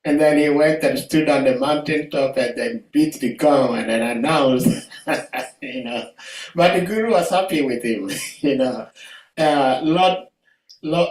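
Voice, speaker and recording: A man in a class discussion speaks very slowly and haltingly, stopping often on "uh". He sounds far from the mic. The room adds a roomy echo. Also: mid-range voice, a little mellow. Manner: slow and halting with many "uh" pauses. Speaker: class participant.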